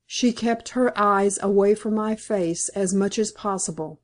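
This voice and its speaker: A woman reading a classic novel aloud as an audiobook narrator, in a measured, composed manner. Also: medium pitch.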